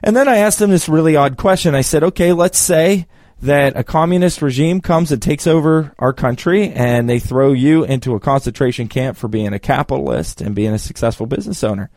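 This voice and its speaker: A man working as a business coach who tells a client story with lively re-enacted dialogue. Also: a little high, fairly quick, no room sound, studio quality. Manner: animated storyteller, acts out both sides of the dialogue. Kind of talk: storytelling talk.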